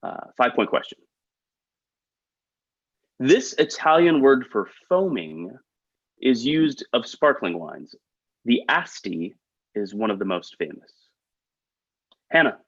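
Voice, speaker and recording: Male trivia host, lively delivery, jokey asides, lo-fi video call sound. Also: medium pitch, husky, no room sound. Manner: upbeat, quick asides, chuckles at own jokes. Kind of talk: reading trivia questions, joking asides. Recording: dull, lo-fi video call audio.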